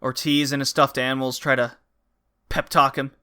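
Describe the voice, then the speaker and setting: A man's voice: medium pitch, moderate pace, clean tone. A man hosting a podcast, recapping wrestling episodes in casual chat and acting out wrestlers' lines. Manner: animated, acts out wrestlers' lines in put-on voices. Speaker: podcast host.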